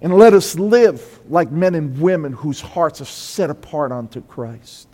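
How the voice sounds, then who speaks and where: A pastor preaching a sermon in a church, moving between quiet confession and loud, high-pitched exhortation. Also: male voice, lively intonation, measured pace, in a large hall. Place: church sanctuary.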